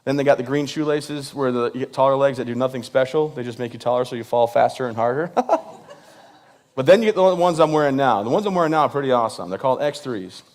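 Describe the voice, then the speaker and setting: This event speaker, a man in his thirties, delivers a humorous talk to a live crowd and mimics the voices of those he quotes for laughs. He speaks at a medium pitch and a fast pace.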